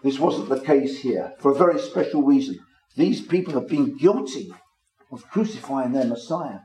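A man teaching from the Bible to a small congregation in a measured, explanatory way, stressing key words. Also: medium pitch, lively intonation, warm tone, a little hiss or hum. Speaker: preacher. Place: room with a small gathering. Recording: echoey room.

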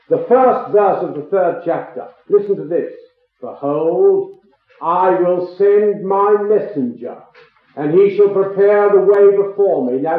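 Older male preacher in an echoey hall. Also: high-pitched. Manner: slow, emphatic scripture quoting in old-fashioned wording. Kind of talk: sermon. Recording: echoey hall on a tinny lo-fi recording.

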